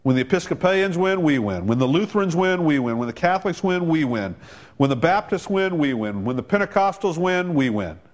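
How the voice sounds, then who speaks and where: A male pastor preaching a sermon, quoting people in quick voiced asides and building to loud, emphatic climaxes. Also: lively intonation. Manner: preaching with dramatic rises in pitch and volume; quotes others in voiced asides.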